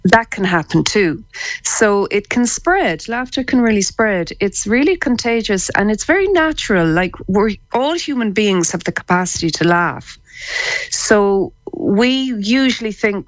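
A woman's voice: mid-range voice, animated, measured pace, no echo. A woman with an Irish accent, a psychotherapist chatting as a guest on a radio interview, laughing easily and restarting her sentences. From Ireland.

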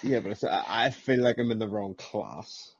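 A man's voice: on the low side, lively intonation, moderate pace, husky, dry recording, muffled recording. A man guesting on a podcast as a sim racing driver, modest and hesitant in casual chat.

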